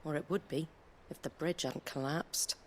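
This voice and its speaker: An actress voicing a wary, blunt innkeeper woman in a game, husky and plain-spoken. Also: deep voice, fairly even intonation, moderate pace, slight background noise, lightly acted. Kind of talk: game dialogue.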